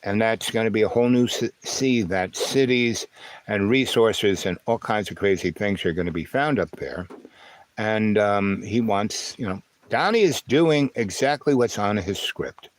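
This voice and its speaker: A man hosting a casual livestream on an old phone, talking in a halting, rambling way full of fillers and "right?", with a slight lisp and twang. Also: lowish voice. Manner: halting, filler-heavy, asks "right?" often. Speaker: livestream host.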